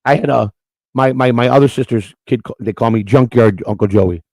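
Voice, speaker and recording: This middle-aged livestream host has a brisk, medium-pitched voice with a darkish tone, captured in a dry recording. He rambles through stories and chats crudely and emotionally with his live chat.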